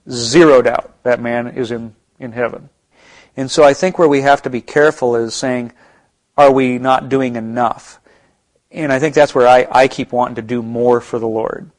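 A man's voice: medium pitch, a little mellow. A man with an American accent in ministry, giving an earnest, reflective Bible talk with frequent restarts and asides. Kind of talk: conversational Bible teaching.

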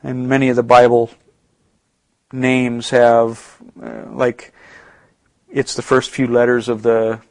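A man's voice: medium pitch, a little mellow, no room sound, low-quality recording. Male Bible teacher, casual and explanatory, dry close sound. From United States. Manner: explanatory, slows down to stress key points.

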